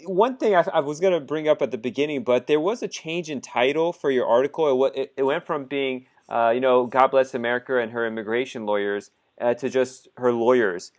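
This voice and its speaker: A man hosting a podcast interview, asking loose rambling questions in a relaxed way and laughing often. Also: medium pitch, brisk, hardly any pauses. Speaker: host, immigration lawyer. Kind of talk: casual interview chat.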